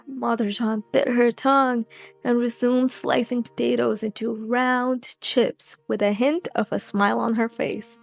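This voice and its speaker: A young woman reads a novel aloud for her channel, breaking off into chatty, blunt asides. Her voice sits on the high side. Soft music plays faintly behind her. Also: steady tone, a little slow, creaky. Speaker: host reading an audiobook. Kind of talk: casual audiobook reading with chatty asides.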